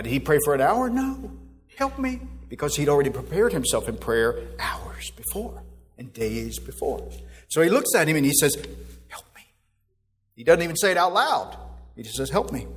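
A middle-aged man preaching a sermon as pastor, swinging from loud exhortation to soft asides. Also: fairly high pitch.

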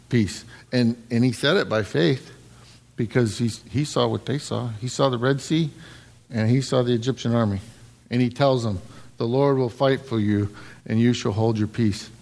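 A middle-aged man giving a casual, conversational sermon to a congregation, laughing often and jumping up in pitch when he acts out lines. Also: creaky, a little mellow. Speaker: preacher.

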